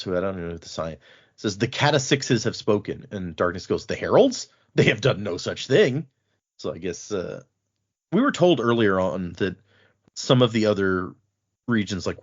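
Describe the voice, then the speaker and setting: A man hosting a podcast, recapping a book chapter in a casual, animated way. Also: on the low side, highs cut off. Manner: animated, laughing. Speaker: podcast host.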